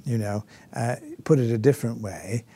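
Mellow and a bit breathy, a mid-range male voice proceeds at a moderate pace through an impromptu theology lecture in class. He's hesitant, restarting often and leaning on fillers, while asking rhetorical questions and mimicking critics.

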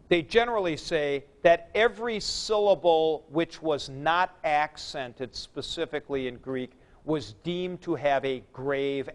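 A man's voice: fairly high pitch, a bit bright. A man teaching ancient Greek accents in a classroom lecture, explaining step by step with spoken examples.

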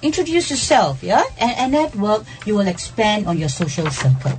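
Give me a middle-aged woman teaching workplace on the radio, very animated pitch. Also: normal speed, soft background music. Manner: lively, laughs often, checks in with "yeah?". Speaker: radio English lesson host.

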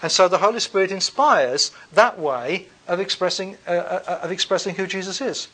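A man giving a classroom lecture, thinking aloud with many fillers and restarts, wry and relaxed. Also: high-pitched, moderate pace.

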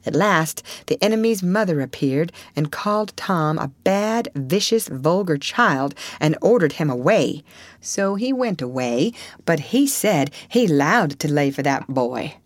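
A woman reading a classic novel aloud as an audiobook narrator, expressive and animated. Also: deep voice, measured pace, no room sound. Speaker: audiobook reader. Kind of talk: scripted storybook narration.

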